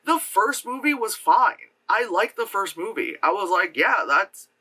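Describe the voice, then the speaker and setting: A man reviewing a movie in a casual rant, animated and profane, often slipping into mocking impressions. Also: high-pitched, normal speed.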